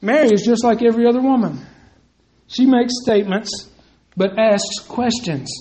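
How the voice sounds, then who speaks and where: A man's voice: extremely high pitch, moderate pace, darkish tone, poor audio. A male preacher giving a conversational sermon, reading scripture and addressing the men directly, acting out quotes as he goes.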